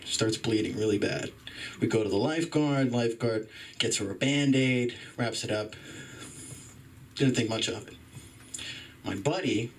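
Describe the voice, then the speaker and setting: A young man doing a profane stand-up set at a comedy club open mic, acting out loud voices as he tells stories. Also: mid-range voice, far from the mic, a little hiss or hum. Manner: animated, swearing storyteller, jumps into loud voices.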